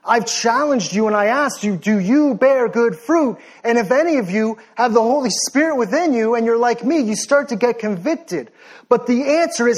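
A young man preaching a sermon with passion, swinging between forceful exhortation and sheepish, joking asides. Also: very high-pitched, expressive, normal speed. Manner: passionate, rising to near-shouting then softening to sheepish asides.

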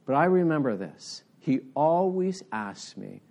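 Middle-aged male pastor, earnest conversational sermon, animated pitch. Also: unhurried, hardly any pauses. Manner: earnest, conversational preaching with rising emphasis.

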